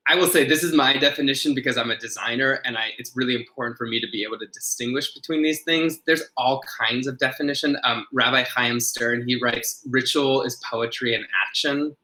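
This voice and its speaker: Earnest man with a bright, forceful voice. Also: medium pitch, fairly even intonation, brisk, hardly any pauses, rough recording. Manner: earnest, thoughtful, stops to restart phrases. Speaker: podcast guest, ritual designer. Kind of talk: explaining ideas in a podcast conversation.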